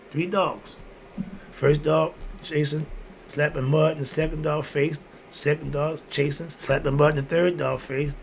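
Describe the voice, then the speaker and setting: A man's voice: fairly high pitch, gravelly, slight background noise. A man giving a casual philosophical monologue, preachy and informal, asking questions and answering them himself and chuckling often. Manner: repeats "moving on" between points. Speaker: host.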